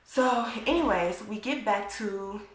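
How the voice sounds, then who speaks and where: A woman's voice: medium pitch, measured pace. A young woman casually recapping a TV episode for her channel, chatty and blunt, with frequent profanity and lots of "like". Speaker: YouTuber reviewing a TV episode. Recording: echoey room.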